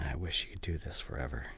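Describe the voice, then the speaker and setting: A young man in a whispered role-play, talking softly and tenderly to the listener as a boyfriend, close to the microphone. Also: extremely low pitch, vocal fry. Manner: soft, tender and intimate, speaking to a listener as a boyfriend. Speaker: ASMR role-play voice actor.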